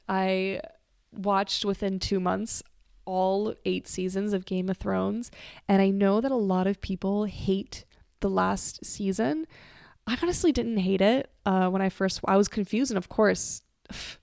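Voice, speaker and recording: Candid woman with a gravelly fry. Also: mid-range voice, a little mellow, no echo, clean studio sound. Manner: candid, confessional, casually swearing; rambling with side tangents and restarts. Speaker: podcast host. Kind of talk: personal storytelling podcast.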